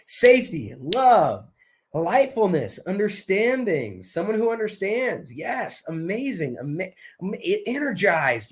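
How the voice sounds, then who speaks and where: Male motivational coach, fairly high voice, hypnotic repeated mantras, near-whispered lows. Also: big pitch swings, unhurried, gravelly. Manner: hypnotic repetition, drops to soft near-whispers; hyped, self-assured motivational talk. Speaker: self-help coach. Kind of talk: live online masterclass.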